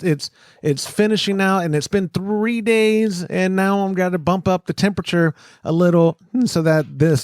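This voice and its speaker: A man hosting a casual homebrewing podcast, talking in an animated way with frequent restarts and easy laughs. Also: a little high, no echo, clean studio sound. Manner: animated, restarts sentences often, laughs easily. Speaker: podcast host.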